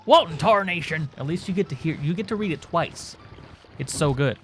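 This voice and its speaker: A man's voice: on the high side, lively intonation, a little fast, soft background music. Chatty, joking male game streamer. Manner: rambling, joking, swears casually, chats with viewers. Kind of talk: casual live-stream commentary.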